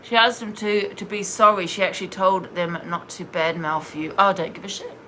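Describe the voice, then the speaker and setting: A woman's voice: mid-range voice, fairly even intonation, moderate pace, pushed and bright, a little hiss or hum. Scornful woman ranting on a stream. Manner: blunt, scornful, answering viewers' comments. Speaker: live-streamer. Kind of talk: heated live-stream rant.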